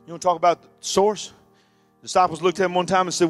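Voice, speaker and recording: High-voiced fiery preacher man. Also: fast, soft background music. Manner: fiery preaching, shouting and dropping low. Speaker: pastor. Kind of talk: sermon.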